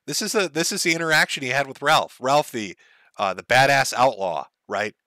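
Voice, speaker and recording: A man's voice: medium pitch, a little fast, sharp tone, dry recording. A male streamer hosting commentary on clips, sarcastic and profane, often laughing at what he plays. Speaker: streamer host.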